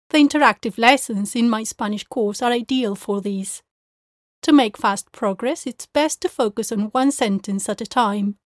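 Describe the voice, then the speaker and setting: A fairly high-pitched woman teaches pronunciation in a calm, scripted way. She explains each point clearly and slowly, then models the words. Her voice is recorded close and dry, with no room sound. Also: no echo. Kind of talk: scripted podcast lesson.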